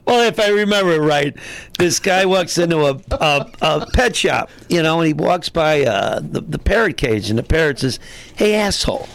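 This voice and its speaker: A man's voice: on the high side, expressive, moderate pace, fairly bright tone. A man, a comedian guest, telling jokes and acting out the characters in them. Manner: telling jokes with acted voices, gravelly. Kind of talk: joke telling.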